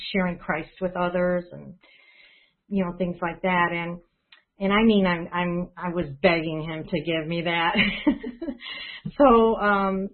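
Hesitant woman on a tinny phone line. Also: mid-range voice. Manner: hesitant, many restarts and fillers. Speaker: church member sharing praises. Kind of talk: casual testimony.

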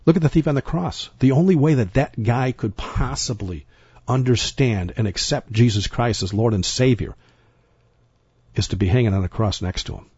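A man's voice: medium pitch, moderate pace, a little mellow, husky, no echo, lo-fi sound. A man giving sermon-style Bible teaching, emphatic and rambling, often repeating himself and restarting sentences.

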